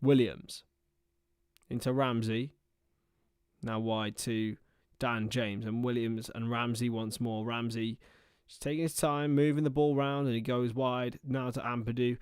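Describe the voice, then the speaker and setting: A man's voice: mid-range voice, steady tone, a little slow, clear, resonant tone, no echo, clean studio sound. A young man giving casual livestream football commentary, mixing play-by-play with rambling, chatty asides. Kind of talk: casual watchalong match commentary.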